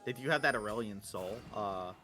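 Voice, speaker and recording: A man casting a live esports match with play-by-play commentary that rises loudly on big plays. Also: on the low side, moderate pace, soft background music. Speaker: esports caster.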